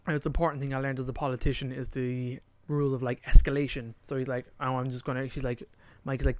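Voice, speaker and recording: A man's voice: medium pitch, little pitch movement, fast talker, hardly any pauses, no echo. A man co-hosting a podcast in casual chat, animatedly retelling a story and acting out the lines, sometimes trailing off to recall details. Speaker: podcast co-host.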